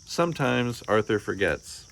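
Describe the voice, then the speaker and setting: Man narrating a kids' story, gentle and even, slightly low pitch, soft insect noise outdoors. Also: a little slow, vocal fry. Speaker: storybook reader. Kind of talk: children's storybook read-aloud.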